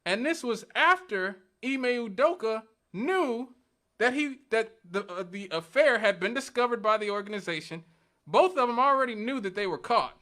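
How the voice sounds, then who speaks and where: A man's voice: very high-pitched, lively intonation, moderate pace, pushed and bright. A male radio talk show host giving an emphatic, argumentative monologue, repeating points for stress. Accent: Northwest Indiana.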